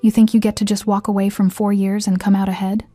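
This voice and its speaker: A controlling, bitter ex-husband, read by a woman whose threats come out low and tight through a dark, mellow voice. His pitch stays flat and level even when he presses closer. The recording is dry, with faint music under it. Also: fast talker, dry recording, lightly acted. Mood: menacing. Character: controlling bitter ex-husband, quietly menacing man.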